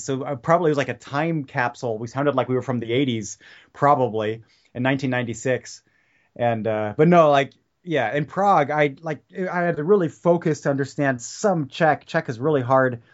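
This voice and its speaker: A man chatting on a podcast in a rambling, tangent-heavy way, often restarting his sentences. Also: mid-range voice. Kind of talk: casual podcast chat. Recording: slightly dull lo-fi podcast audio.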